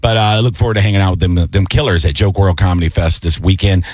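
A man's voice: fast talker, no echo. Chatty male radio host, dry studio. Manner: loose and chatty, breaks into excited high-pitched impressions. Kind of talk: casual studio banter.

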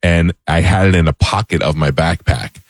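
A man with a very low voice hosts a morning radio show, rambling through stories and laughing easily. The sound is dry and close. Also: moderate pace, no echo. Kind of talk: casual morning radio chat.

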